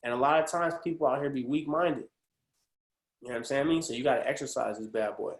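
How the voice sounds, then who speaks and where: Animated slangy man on a video call. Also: medium pitch, quick pace. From Portland, Oregon, USA. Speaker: actor and guest speaker. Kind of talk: casual webinar interview. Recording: roomy echo.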